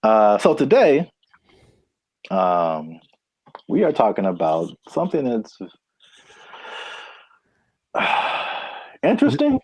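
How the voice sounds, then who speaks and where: A man co-hosting a casual podcast chat in a relaxed, easygoing way, with frequent laughter. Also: mid-range voice, slow, long pauses, slightly rough, no echo. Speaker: podcast co-host.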